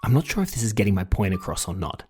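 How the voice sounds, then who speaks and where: A man narrating a family podcast in a measured, reflective, dryly humorous way. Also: fairly low pitch, sing-song, a little mellow. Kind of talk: scripted narration.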